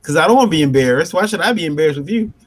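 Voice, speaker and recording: A man who creates comics, telling a story on a panel in a halting way, repeating words as he goes. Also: on the high side, lively intonation. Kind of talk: casual panel chat.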